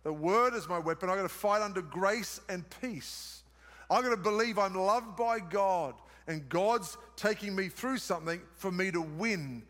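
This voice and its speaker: Australian male pastor, high voice, live sermon in a reverberant church hall. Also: normal speed, fairly bright tone. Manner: emphatic repetition, asks the congregation questions.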